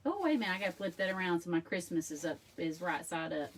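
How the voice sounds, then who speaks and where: A woman's voice: fairly low pitch, expressive, fast talker, a little hiss or hum. Woman, chatty craft-tutorial host, laughs often, a little far from the mic in a home craft room. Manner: chatty and self-deprecating, laughs often, addresses viewers as y'all. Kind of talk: casual craft tutorial chat.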